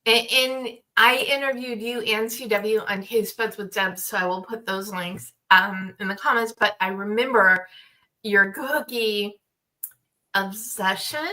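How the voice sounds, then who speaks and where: A woman's voice: mid-range voice, measured pace, sharp tone, rough recording. A woman hosting, upbeat and welcoming as she brings in her guests. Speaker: host. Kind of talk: casual chat.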